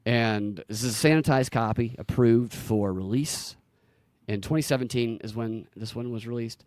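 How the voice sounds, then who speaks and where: A man's voice: mid-range voice, moderate pace, darkish tone, dry recording, studio quality. A man with a Southern US accent hosting a podcast, chatting casually and telling rambling stories with easy laughs. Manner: rambling storyteller, laughs easily. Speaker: podcast host.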